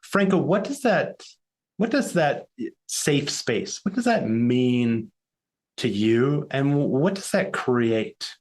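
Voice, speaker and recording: A man's voice: mid-range voice, big pitch swings, takes it slowly, a little mellow. A man hosting a podcast, asking thoughtful interview questions and searching for his words as he goes. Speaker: podcast host.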